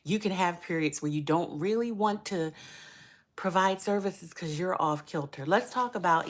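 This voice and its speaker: Woman coaching caregivers on a live stream. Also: deep voice. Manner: chatty, repeats words for emphasis, greets viewers by name. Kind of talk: live-stream advice talk.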